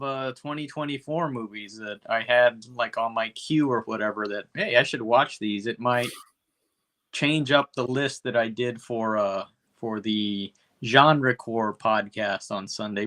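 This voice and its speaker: Bright-voiced profane podcast man. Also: fairly low pitch, steady tone, unhurried. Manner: profane, rambling, acts out quoted voices. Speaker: podcast co-host. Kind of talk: casual podcast chat.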